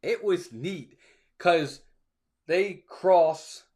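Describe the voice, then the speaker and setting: A man on a casual livestream tells a long, rambling story about a ride. His voice sits a bit high, and he keeps quoting what others told him, with plenty of restarts and fillers. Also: extremely slow, darkish tone. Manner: chatty storytelling, acts out ride motions and quotes. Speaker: co-host of a theme park livestream. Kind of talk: casual chat.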